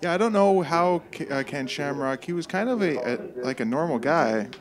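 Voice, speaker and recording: A man's voice: a little high, animated, normal speed, crowd noise. A man from California giving casual, rambling commentary while watching fight footage, often laughing at his own jokes.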